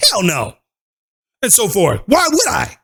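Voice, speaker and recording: Commentator, male, gravelly and high, preachy slang-heavy rant. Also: huge pitch swings, measured pace, pushed and bright. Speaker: YouTube commentator. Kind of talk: ranting commentary.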